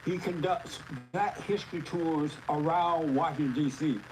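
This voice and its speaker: A man from Alabama with a Southern US accent, opening his show and politely asking an interview question in a slow, plain way. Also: a little high, background noise. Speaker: show host.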